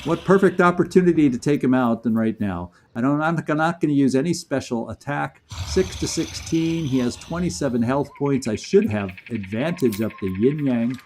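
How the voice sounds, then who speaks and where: A man streaming a video game, chatting and commentating as he plays, getting excited and laughing often. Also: medium pitch, normal speed, few pauses, a little hiss or hum. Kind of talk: live gameplay commentary.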